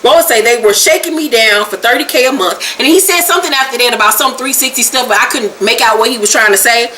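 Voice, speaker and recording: A woman's voice: fairly high pitch, quick pace, pushed and bright, slight background noise. A woman giving a casual, slangy recap of a TV episode, laughing often as she talks. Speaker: TV show reviewer.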